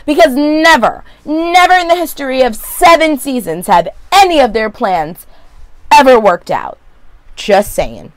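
A sassy woman recapping a TV episode in a casual vlog, opinionated and quick with asides. Her voice sits fairly high. It sounds dry and close, with no room echo. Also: big pitch swings. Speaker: vlogger.

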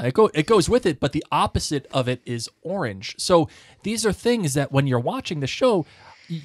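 A man on a podcast explaining a show's visual storytelling, halting and restarting as he goes. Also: mid-range voice, a little mellow, dry recording, studio quality. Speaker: podcast contributor.

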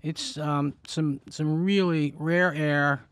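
A man's voice: a little high, slow pace, clean tone, dry recording, clean studio sound. A man hosting a podcast interview, wrapping it up with effusive praise for his guest. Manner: effusive, flattering. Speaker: podcast host. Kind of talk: interview wrap-up.

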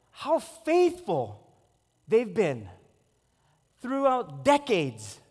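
Pastor, 40s, storytelling sermon, high pitch, reverberant sanctuary. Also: male voice. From Hawaii. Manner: storytelling, animated acted-out quotes. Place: church sanctuary. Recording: long hall reverb.

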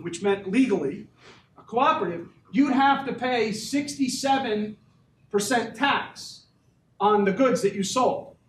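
Male professor, high-pitched, conversational lecture style, recorded from a distance in a lecture hall with faint background noise. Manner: conversational, asks the audience questions. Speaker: economics professor. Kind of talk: university lecture. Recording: echoey hall, mic from a distance.

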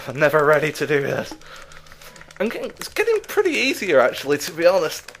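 A man's voice: fairly high pitch, a bit bright, slight background noise. A man commentating his gameplay in a casual, chatty way, out of breath, self-mocking and laughing often. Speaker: let's play host.

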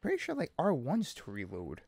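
A man's voice: on the high side, moderate pace, husky. Joking young man commenting on gameplay. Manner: joking, excitable. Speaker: gaming channel host. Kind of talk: let's play commentary.

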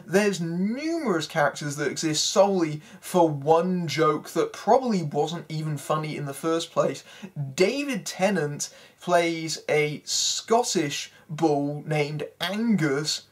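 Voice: medium pitch, expressive, slow. A film critic giving a spoken review in a sarcastic, exasperated manner.

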